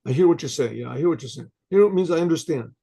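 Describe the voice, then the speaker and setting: An older male rabbi teaches Torah in a gravelly, husky voice pitched a little high. He moves between Hebrew phrases and their English meaning, restarts often and keeps checking in with his listeners. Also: animated, quick pace, warm tone. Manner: translates Hebrew phrases into English, many restarts and rhetorical "right?". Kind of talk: Torah lecture.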